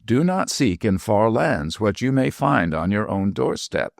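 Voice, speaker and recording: Man playing a shrill tiny dwarf woman, sly, teasing, gravelly, lively swings in pitch, storybook. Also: measured pace, no echo, clean studio sound, heavily acted. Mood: teasing, sharp. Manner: sharp, teasing, whimsical. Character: tiny shrewd mischievous old woman dwarf.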